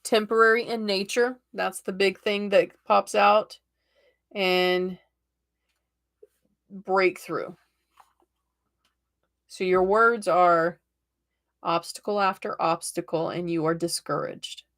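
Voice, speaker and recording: A woman's voice: mid-range voice, steady tone, slow, pauses often, a bit bright. A woman reading tarot cards on a live stream, chatty and reassuring, often checking in with "okay?" and laughing easily.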